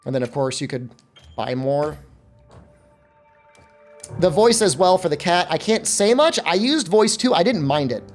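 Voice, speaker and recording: Man, game streamer, casual chat with viewers, joking, lively pitch, faint music behind. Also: a little slow, pauses often. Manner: chatty and loose, joking with viewers.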